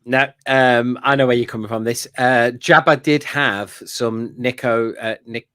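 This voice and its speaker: This co-host talks through a casual fan review with rambling enthusiasm, lots of fillers, and frequent laughter. His medium-pitched voice is clear, resonant, slightly bright, and unhurried, with fairly even intonation and a studio-quality recording free of room sound.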